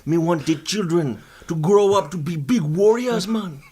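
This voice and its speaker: A man voicing a put-on Jamaican stoner, using broken "me" grammar and ending lines with a drawn-out "man", mock-earnest and laughing at his own act. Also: high-pitched, sing-song, a bit bright, a little hiss or hum. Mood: playful. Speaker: guest comedian.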